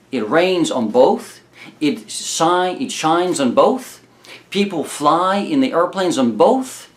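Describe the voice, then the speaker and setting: Earnest male preacher with a lively voice. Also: fairly high pitch. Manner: earnest, exhorting, addresses the congregation directly; emphatic repetition. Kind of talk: sermon.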